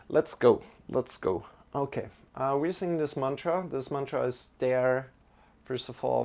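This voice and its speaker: A man teaches a live-streamed yoga class, speaking unhurriedly and reflectively and greeting viewers by name. His phrasing is slightly non-native, and his medium-pitched voice is a little mellow, with vocal fry.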